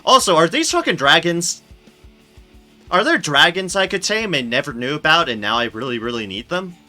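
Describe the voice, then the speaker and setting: A man giving excitable, gushing let's-play commentary on a video game, swearing now and then. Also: on the high side, normal speed, soft background music. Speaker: streamer.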